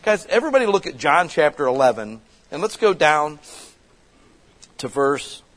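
Man, church pastor, casual sermon, slightly high voice, conversational then fervent. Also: very animated, normal speed, low-quality recording. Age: adult with children. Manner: casual and conversational, rising to passionate emphasis.

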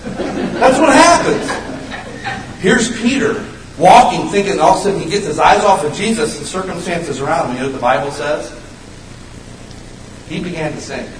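A male pastor preaches with a lot of energy, jumping from loud, high outbursts to quiet, low asides. His voice sits on the high side for a man. The room is echoey, and the mic picks him up from some distance, with a faint background hum. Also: moderate pace. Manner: animated, swings from loud high bursts to low hushed lines. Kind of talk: sermon. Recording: roomy echo, mic at a distance.

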